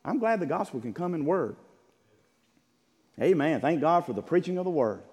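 A man preaching a sermon in an emphatic, repetitive style with bursts of shouting. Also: on the high side, big pitch swings, normal speed. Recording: church sanctuary with long reverb.

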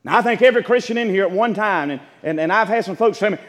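A man preaching a sermon in an emphatic, repetitive style with bursts of shouting. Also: high voice, very fast. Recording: church sanctuary with long reverb.

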